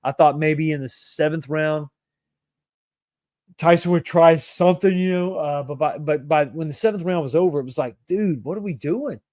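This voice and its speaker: A middle-aged man talks loosely to his livestream audience, joking and calling out viewers by name. His voice sits a touch high for a man. The sound is dry and close, with no room around it. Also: fairly even intonation, normal speed, darkish tone, no echo. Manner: laid-back, jokey, greets viewers by name. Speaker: livestream host reading chat. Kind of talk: casual chat.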